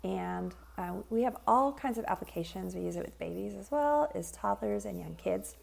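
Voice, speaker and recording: A woman parent coach calmly explaining a tip in an unscripted way, with frequent fillers. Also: medium pitch, moderate pace, creaky. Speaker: parent coach and child sleep expert. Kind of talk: informal educational video tip.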